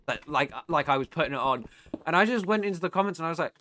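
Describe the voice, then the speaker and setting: A British man talking casually to his live-stream chat in a bright, forceful voice. He sounds tired, swears freely, and turns loud and heated when he rants. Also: on the high side, lively intonation, quick pace, no echo. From Britain. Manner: sweary, gets loud and worked up when ranting.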